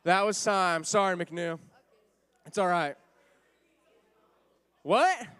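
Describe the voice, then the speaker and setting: A man hosts a party game for a church youth group, playful and teasing, and now and then shouts over the room. His high voice is clear and resonant, and he takes it slowly.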